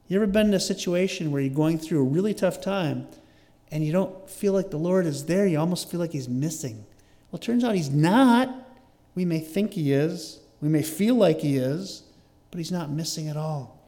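Male pastor, high voice, earnest verse-by-verse sermon, church hall with long reverb. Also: lively intonation, normal speed, dark tone. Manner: earnest, explanatory, verse-by-verse teaching. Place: church sanctuary.

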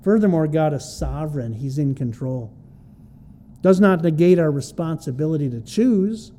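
A man's voice: a little high, expressive, moderate pace, dark tone, slight background noise. A man preaching an expository sermon, teaching verse by verse in a plain conversational way and repeating key phrases for emphasis. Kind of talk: expository sermon on a Bible passage.

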